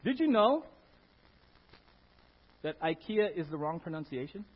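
A man preaches to his congregation, his husky voice swinging up and down as he rises into loud, emphatic bursts. He keeps asking the room questions and waiting for them to agree. The recording is dull and lo-fi. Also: on the high side, sing-song, a little slow. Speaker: pastor. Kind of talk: sermon. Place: church. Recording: dull lo-fi sound.

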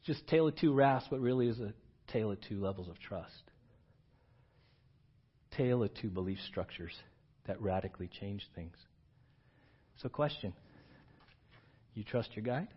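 A middle-aged man preaching a sermon, telling a story and acting out shouted commands with rising pitch and volume. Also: expressive, normal speed, pauses often, breathy edge. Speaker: pastor. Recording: dull, slightly lo-fi church audio.

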